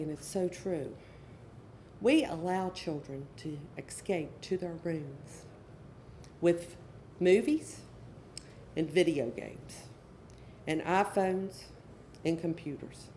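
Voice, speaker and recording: Earnest low-pitched woman giving a talk. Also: a little mellow, a little hiss or hum. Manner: earnest and emphatic, repeats key phrases. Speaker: conference speaker, educational counselor. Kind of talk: conference presentation to an audience. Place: conference session room.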